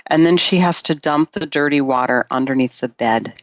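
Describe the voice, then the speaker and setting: A woman's voice: deep voice, moderate pace, dry recording, dull audio. A woman guest on a podcast, a Jungian analyst, retelling a fairy tale in a thoughtful way with frequent fillers.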